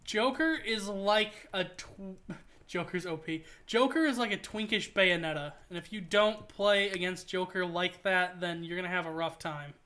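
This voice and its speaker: Bright, rambling streamer man. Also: high-pitched, moderate pace. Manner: rambling, joking, restarts phrases. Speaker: streamer host. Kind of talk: casual gaming stream chat.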